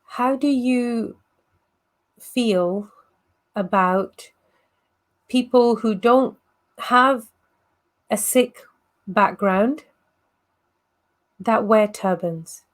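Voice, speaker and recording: A woman hosting a talk show, asking an interview guest questions in a calm way. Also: fairly high pitch, drawn-out words, long pauses.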